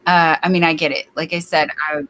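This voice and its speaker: A woman's voice: low-pitched, little pitch movement, fairly quick, a bit bright, rough recording. Chatty woman hosting a late-night craft stream. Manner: chatty, reads viewer comments aloud, baby-talks to her dog. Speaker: livestream host. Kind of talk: casual chat while crocheting.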